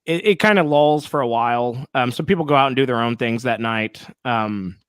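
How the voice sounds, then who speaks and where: A man on a podcast, telling a long story in a relaxed, rambling way with lots of fillers. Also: mid-range voice, a little fast, clear, resonant tone, dry recording. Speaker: podcast host. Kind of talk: casual storytelling chat.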